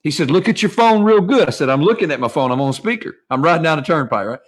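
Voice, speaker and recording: A man's voice: fairly high pitch, animated, fast talker. A man hosting a casual chat, telling loose, profane stories and acting out phone calls. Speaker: host.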